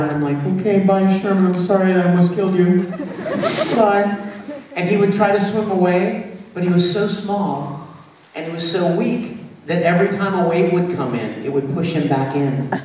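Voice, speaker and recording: A man speaking on a convention panel, telling lively stories to fans and laughing often. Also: on the high side. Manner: animated storyteller, laughing often. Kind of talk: live convention panel talk. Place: large convention hall. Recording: far-off echoey hall recording, faint crowd noise.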